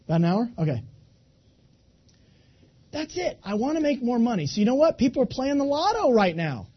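A man in his twenties giving an animated, folksy motivational talk, speaking directly to a live audience. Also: extremely high pitch, moderate pace, slightly rough, muffled recording. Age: 20s.

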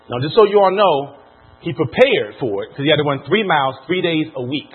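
A man giving a motivational talk to a live audience, telling a story with animated, pushing emphasis. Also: fairly high pitch, brisk, husky. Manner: animated storytelling, rising and pushing on key points. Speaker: motivational speaker. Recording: tinny phone-like sound.

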